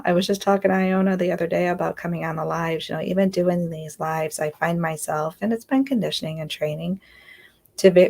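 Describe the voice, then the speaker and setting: Close to tears at moments, a woman with a fairly low, darkish voice confides self-help advice as an inner healing coach on a live stream. She speaks earnestly and keeps checking in with "right?".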